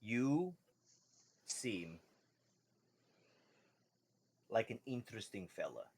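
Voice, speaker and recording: A man's voice: on the low side, very animated, a little slow, slightly rough, voice pushed down, heavily acted. A man voicing a male fish-man merchant who talks with a wobble in his voice and a pushy, broken sales patter. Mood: sly.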